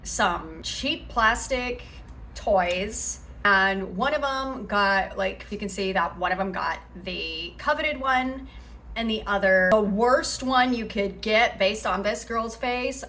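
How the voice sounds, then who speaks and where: A woman's voice: medium pitch, bright, forceful tone. A woman hosting a reaction commentary on internet drama, sarcastic and dramatic as she mimics others. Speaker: commentary host.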